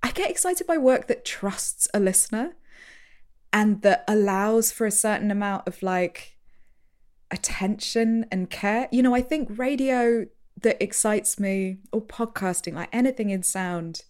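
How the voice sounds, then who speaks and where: A woman talking casually as a radio curator in an interview, chatty and animated, often laughing as she makes her points. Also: medium pitch, measured pace.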